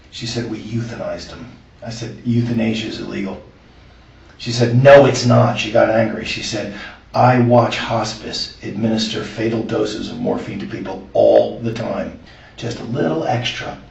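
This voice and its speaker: A man being interviewed, giving an earnest, halting account of a conversation he recorded. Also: fairly low pitch, creaky, a little hiss or hum. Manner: earnest, halting retelling with restarts. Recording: echoey room, far from the mic, muffled.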